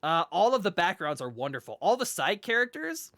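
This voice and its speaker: A man co-hosting a casual podcast chat, rambling excitedly with lots of fillers and restarts. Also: high-pitched, a little fast, dry recording, clean studio sound. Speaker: podcast co-host.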